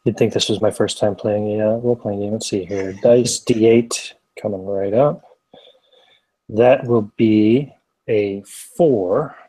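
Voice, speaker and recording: Mellow low man checking game rules. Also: a little slow, husky. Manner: hesitant, rules-checking, many fillers. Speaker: player. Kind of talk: tabletop game play, casual.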